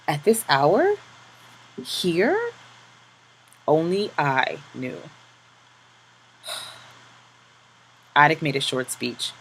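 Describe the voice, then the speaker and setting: A man reads a first-person memoir aloud in a slow, somber voice that often drops to a hush. His tone is husky and breathy. He lets long pauses sit between phrases. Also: medium pitch, expressive, low-quality recording. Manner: slow, somber, hushed delivery. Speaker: audiobook reader.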